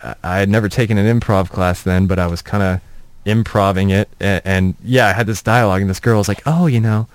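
Low-voiced young comedian, rambling. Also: male voice, fairly even intonation, quick pace, smooth, dry recording. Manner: rambling, self-mocking, trips over his words. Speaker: comedian, interview guest. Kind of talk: casual anecdotal storytelling.

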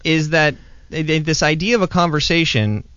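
A playful, chatty man hosts a casual show with a slightly higher voice, often chiming in to rephrase his guest's points. The recording is dry and a bit dull and lo-fi. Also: normal speed, bright, forceful tone, clear, resonant tone, no room sound. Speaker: podcast host. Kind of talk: casual chat.

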